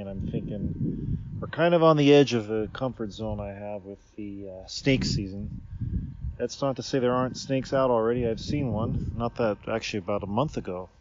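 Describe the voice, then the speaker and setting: A man hosting a podcast, musing in a rambling, unhurried way with filler pauses while sitting outdoors under a tree near a river in the evening. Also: fairly low pitch, noisy background. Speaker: podcast host. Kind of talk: casual spoken musing. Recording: dull, dry lo-fi recording.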